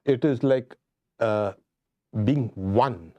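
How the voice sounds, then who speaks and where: A man's voice: mid-range voice, very slow, warm tone, no room sound. A man teaching a Vedanta scripture class, acting out quotes and laughing often.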